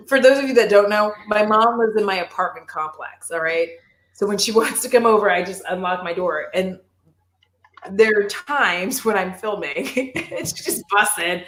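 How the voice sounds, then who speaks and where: A woman's voice: medium pitch, moderate pace, a little hiss or hum. Woman, casual live chat, swears a lot, rambly, echoey room. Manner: swears freely, rambly and animated. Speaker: guest on a live chat stream.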